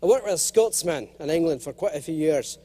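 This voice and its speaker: A middle-aged man delivers a keynote speech with a high, bouncy voice that swoops up and down as he talks. He is jokey and animated and tells stories with a comic touch. He slips now and then into character voices to act out the people in his stories. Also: fairly quick. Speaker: keynote speaker. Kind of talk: humorous motivational keynote speech. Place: large conference hall.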